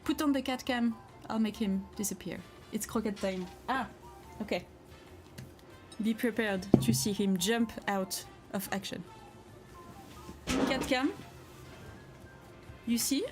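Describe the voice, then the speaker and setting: A woman's voice: fairly high pitch, slow, long pauses, over music. Chatty woman hosting a livestream. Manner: chatty, giggly, encouraging. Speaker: craft livestream host. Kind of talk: casual live chat reading comments. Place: home craft space.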